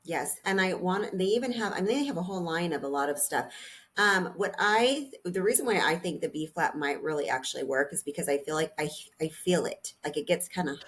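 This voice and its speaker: A woman in her forties co-hosting a casual podcast. She talks in a relaxed, teasing way. Her voice sits fairly low. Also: a little fast. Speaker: podcast co-host. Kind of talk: casual chat.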